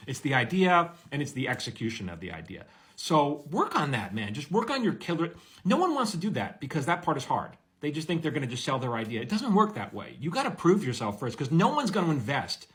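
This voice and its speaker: A man with a slightly high voice delivers an energetic, blunt advice monologue straight to camera. He talks quickly and swings his pitch widely as he cracks jokes. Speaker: screenwriter giving advice.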